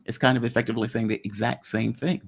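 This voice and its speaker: A man hosts a loose political talk show with a gravelly, slightly husky voice. He talks bluntly and throws in joking asides. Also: mid-range voice, little pitch movement, fast. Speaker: show host.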